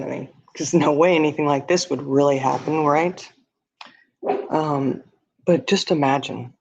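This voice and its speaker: A woman's voice: low voice, gravelly, slightly rough. A woman hosting a livestream, chatting casually with viewers and rambling through a hypothetical with lots of fillers. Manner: rambling, many fillers, talks to chat. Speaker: livestream host. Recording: dull lo-fi stream audio.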